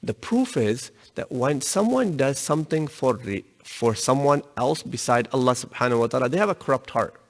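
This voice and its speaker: A man's voice: mid-range voice, normal speed, creaky, hardly any pauses. Man giving a lecture, long hall echo. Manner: animated storytelling, voice rising with emphasis. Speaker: religious teacher. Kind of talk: religious lecture with storytelling.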